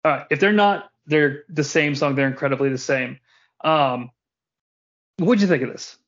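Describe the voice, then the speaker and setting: A man's voice: fairly high pitch, normal speed. Jokey man recapping wrestling, lo-fi sound. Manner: animated, jokey, swears casually. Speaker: podcast host. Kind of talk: casual wrestling recap chat. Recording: dull lo-fi podcast audio.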